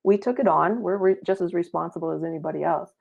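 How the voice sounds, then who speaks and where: An earnest woman guest talks reflectively about her inner path. Her voice is low and gravelly with vocal fry. The audio is dull and lo-fi. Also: fast talker. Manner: earnest, reflective, laughs lightly. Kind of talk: casual spiritual talk-show chat.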